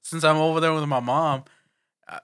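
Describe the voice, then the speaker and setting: A man co-hosts a podcast in casual chat, sounding laid-back as he laughs along and gives short replies. His voice is a little high, steady, fairly bright, clear and resonant, at a normal speed. The recording is dry with clean studio sound.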